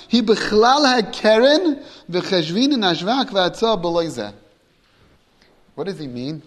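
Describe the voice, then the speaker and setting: A man teaching a Talmud class, lively and animated, acting out both sides of a business deal and sprinkling in Hebrew and Yiddish terms. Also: sits high, long reverb tail.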